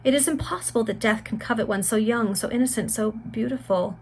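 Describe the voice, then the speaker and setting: A devoted young gentleman pleads earnestly at a sickbed, voiced by a woman reading aloud. The voice stays close to her plain storybook tone. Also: fairly high pitch, brisk, breathy edge. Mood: pleading. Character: young man, noble and devoted.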